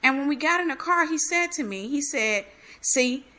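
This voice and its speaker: A woman's voice: sits high, expressive, a little fast, pushed and bright. A woman giving a candid personal testimony, telling her story animatedly and acting out the dialogue. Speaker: ministry host giving testimony.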